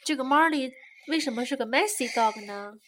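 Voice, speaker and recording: A woman's voice: high-pitched, a little fast, a bit bright, a little hiss or hum. A woman quizzing a child on a storybook, patiently asking leading questions during reading time.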